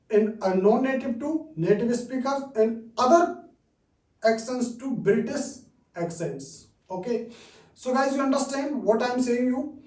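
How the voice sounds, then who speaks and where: A man teaching an online English lesson. He drills words slowly and keeps checking in with "okay?". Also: very high voice, dark tone, roomy sound, recorded from a distance, rough recording.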